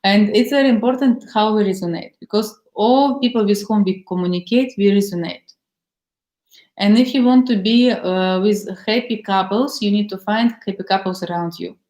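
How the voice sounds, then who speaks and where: A woman's voice: mid-range voice, moderate pace, darkish tone. A woman working as a relationship coach, speaking earnest, anecdotal English with simple, non-native grammar as she leads a coaching session. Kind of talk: coaching session with guided exercise. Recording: roomy echo.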